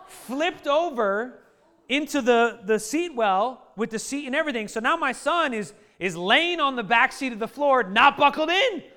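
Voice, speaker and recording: High, bright-voiced man telling a funny story. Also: moderate pace. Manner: lively and joking, laughs through his own lines. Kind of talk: animated anecdote to a live audience.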